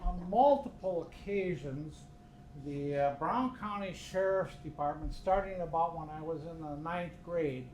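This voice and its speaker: An older man speaks up from the audience with a dry, playful question. His voice is a little high. The room echoes, and a clear hiss sits under his voice. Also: measured pace, darkish tone. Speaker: audience member asking a question. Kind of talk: joking question from the floor.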